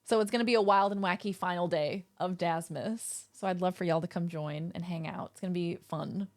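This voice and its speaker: A woman's voice: fairly low pitch, fairly quick, darkish tone. A young adult woman livestreaming from her home setup, chatting with viewers in a playful, rambling way with goofy asides. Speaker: live streamer. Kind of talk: casual chat with stream viewers.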